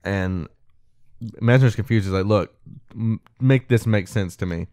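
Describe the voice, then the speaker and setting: A man's voice: fairly low pitch, a little slow, no room sound, clean studio sound. A man co-hosting a podcast, casually retelling a film plot and acting out the characters' lines. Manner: animated retelling, acts out quoted lines, swears casually. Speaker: podcast co-host.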